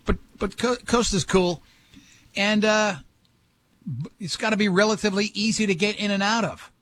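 A man's voice: high voice, moderate pace, a bit bright, no room sound. An older man hosting a radio show, telling rambling, jokey stories in casual banter.

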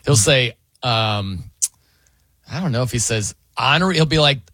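Animated, bright-voiced man. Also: medium pitch, moderate pace, no echo. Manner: animated, laughs often, mimics others' pronunciations. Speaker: radio show host. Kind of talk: casual studio banter.

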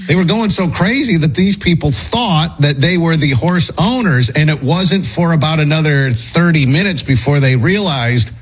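A man's voice: a little high, animated, normal speed, few pauses, husky, low-quality recording. A man hosting a radio chat show, telling a long story in a rambling way with lots of fillers and restarts.

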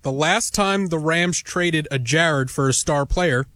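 A man with a New York accent riffs on a sports talk show, his voice sitting a little high. He stretches out his stories and acts out the quotes, heard dry and close. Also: measured pace, fairly bright tone, no echo. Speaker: show regular.

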